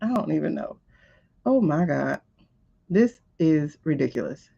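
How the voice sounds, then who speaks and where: Animated woman riffing on live stream. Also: low voice, measured pace, creaky, husky. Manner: animated, exasperated, talks back to the footage. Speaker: host of a live tarot stream. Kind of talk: casual live reaction commentary. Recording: lo-fi stream audio.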